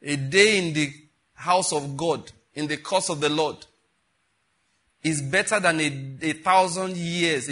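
A male pastor with a high-leaning voice preaches a sermon. He tells stories animatedly and acts out the voices of the people in them.

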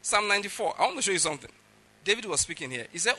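A man's voice: high voice, big pitch swings, racing, pushed and bright. A middle-aged man preaching a sermon, emphatic and often checking that his listeners follow. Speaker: pastor.

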